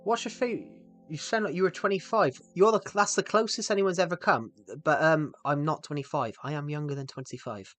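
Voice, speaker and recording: A man's voice: on the high side, a little fast, few pauses, a bit bright, no echo. Chatty British man streaming, music behind. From United Kingdom. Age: 20s. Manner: rambling, chatty, answers viewer comments aloud. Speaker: game streamer. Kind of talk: live-stream chat while gaming. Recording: background music under the voice.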